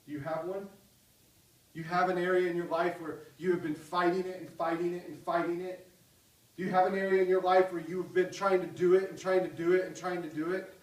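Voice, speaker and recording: A man preaching a sermon with great passion, swinging from loud cries down to soft pleading. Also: high-pitched, flat delivery, brisk, far from the mic. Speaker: pastor. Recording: echoey hall, voice from off the mic.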